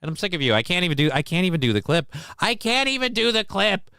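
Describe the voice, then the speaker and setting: A man hosts his own podcast and rants in anger, heavy with sarcasm and swearing. His voice sits high for a man and comes through clear and crisp. The room sounds dead dry, with no echo. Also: sing-song, fast talker, pushed and bright. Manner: angry, profane, sarcastic ranting. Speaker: podcast host. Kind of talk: heated political rant.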